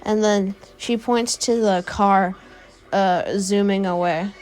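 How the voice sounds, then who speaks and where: Slow, rambling woman narrator for an improvised fan story. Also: medium pitch, fairly even intonation, darkish tone, faint music behind. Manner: rambling, with fillers and self-corrections.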